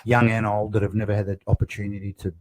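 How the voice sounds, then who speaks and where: A man's voice: fairly low pitch, flat delivery, fast. A man with an Australian accent who is a guest musician on a casual chat show, talking in a friendly, chatty way.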